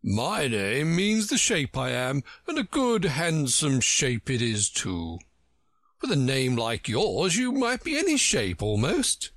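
Male reader doing a pompous, touchy egg, drawn-out and huffy, gravel in the voice, swooping pitch. Storybook. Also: huge pitch swings, a bit bright, dry recording, clean studio sound, exaggerated voice. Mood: haughty. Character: pompous touchy egg-shaped man on a wall. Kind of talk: storybook reading.

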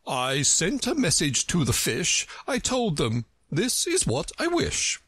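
A man's voice: wildly swooping pitch, slow, a bit bright, slightly rough, no room sound, full character voice. A man playing a huffy, proud storybook egg, pompous and sing-song. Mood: pompous reciting. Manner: pompous, lofty, reciting verse with high swoops. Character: proud touchy egg-shaped male storybook figure.

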